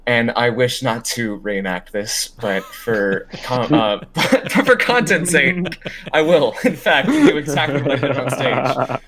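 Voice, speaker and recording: A young man co-hosting a podcast, telling animated stories in casual chat and laughing often. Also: mid-range voice, a little slow, crowd noise. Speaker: podcast co-host.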